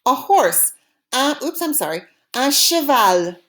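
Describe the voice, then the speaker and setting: A woman teaching French vocabulary, saying each word clearly and repeating it for students to copy. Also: high voice, big pitch swings, fairly bright tone. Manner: slow, deliberate, repeating words for students. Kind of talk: language lesson drills.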